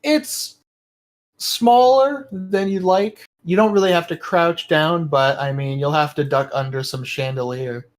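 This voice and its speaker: A man's voice: on the high side, measured pace, rough recording. A man narrating as game master of a tabletop game, describing scenes in a loose, rambling way and laughing often.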